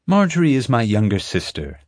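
A man's voice: medium pitch, huge pitch swings, darkish tone, no echo, studio quality, voice pushed up. A man voicing a stern woman FBI agent. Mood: commanding. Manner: brisk, insistent, authoritative. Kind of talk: audiobook character voice.

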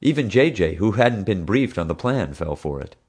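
Expressive low-voiced male narrator. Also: normal speed, breathy edge. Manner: expressive storytelling. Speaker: audiobook narrator. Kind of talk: scripted narration.

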